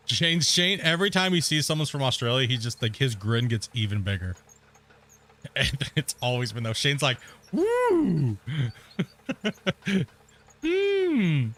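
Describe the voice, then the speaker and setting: A male gaming streamer in relaxed, chatty form, talking straight to the people in his live chat with a mid-range voice. He is loose and conversational and breaks into laughter often. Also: mid-range voice, normal speed. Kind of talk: casual livestream chat.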